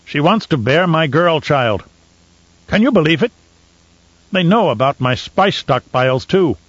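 Brief: man voicing a blustering, spiteful Baron, raised and loud, dull dry audiobook sound. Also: on the high side, expressive, unhurried, dry recording, voice pushed up. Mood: enraged. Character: raging, vain, cruel male Baron.

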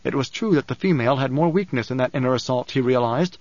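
A man narrating an audiobook in a measured, dramatic reading style. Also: mid-range voice, a little mellow, dry recording. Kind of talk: scripted narration. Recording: dull, dry recording.

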